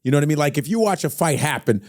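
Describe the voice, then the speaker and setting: An excitable man talks on a podcast, his pitch leaping around as he gets worked up. He has a slightly high voice for a man and a dry, close sound. He keeps breaking into loud sports-announcer impressions. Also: rapid-fire, no echo. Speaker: podcast host. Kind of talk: casual podcast chat.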